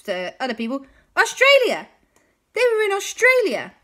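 A woman's voice: very high-pitched, huge pitch swings, normal speed, a bit bright. A woman hosting a children's show, improvising a bedtime story with chatty, playful asides to the listeners.

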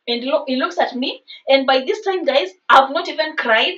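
Casting note: Kenyan woman in her twenties, high voice, lively storyteller, slightly distant dull recording. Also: moderate pace. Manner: animated, mixes in Swahili slang. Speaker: vlogger. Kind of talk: casual storytime.

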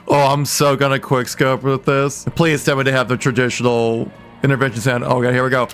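A young man giving excited commentary while playing a shooter, often yelping and shouting with glee. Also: brisk, hardly any pauses, soft background music. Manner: excitable, yelps and laughs high, loud bursts of glee. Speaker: gaming YouTuber. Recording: faint gunfire from the game behind.

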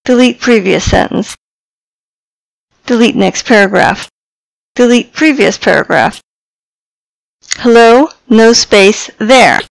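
A woman presenting a software tutorial, dictating voice commands in a clipped, deliberate way into a headset microphone. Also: on the high side, lively intonation, vocal fry, no echo, rough recording.

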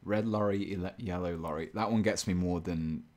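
A man's voice: low-pitched, steady tone, normal speed, darkish tone. A man hosting a live stream, chatting casually and playfully while he paints, rambling and poking fun at himself. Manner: rambling, playful, self-mocking, thinks aloud.

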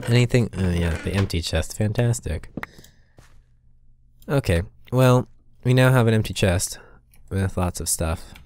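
A man's voice: low-pitched, a little mellow. A man giving casual commentary over his own gameplay, muttering asides to himself and breaking into sudden exasperated outbursts. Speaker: gaming channel host.

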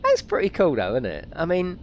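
A man chatting through a live gaming stream, excitable and talkative. His voice swings widely up and down in pitch as he reacts, and faint game sounds sit quietly behind him. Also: a little fast, highs cut off, a little hiss or hum. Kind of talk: live let's-play commentary, chatting with viewers.

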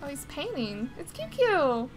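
High-voiced exasperated young woman gamer. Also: very animated, unhurried, faint music behind. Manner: exasperated, chatty, mild swearing. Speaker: gaming streamer. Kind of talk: casual gameplay commentary.

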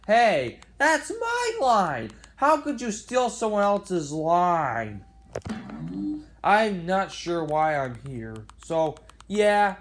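A parody video maker giving a silly, rambling improvised voice-over, arguing back and forth with itself. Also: mid-range voice.

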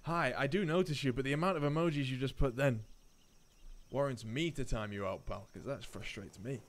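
A man's voice: mid-range voice, brisk. A man casually commentating his own game play on a live stream, chatting with viewers and calling them mate. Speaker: gaming streamer.

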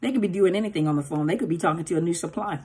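A woman coach teaching in a relaxed, chatty way, her voice sitting a touch low with a husky grain. She keeps breaking into short acted-out dialogues and leans on "you know" as she talks. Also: very fast. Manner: conversational, acts out dialogue with filler-heavy asides. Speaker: coach on narcissistic abuse. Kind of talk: casual teaching talk.

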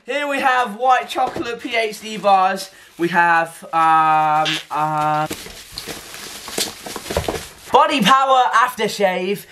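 A young man chatting excitedly in a casual fitness vlog from home. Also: high-pitched, takes it slowly, background noise. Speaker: fitness vlogger. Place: at home indoors.

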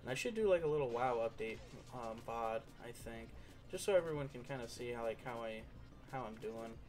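A man's voice: medium pitch, lively intonation, brisk, soft background music. A young man giving playful, casual commentary over a game he is playing, singing along and slipping into goofy voices. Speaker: gaming streamer.

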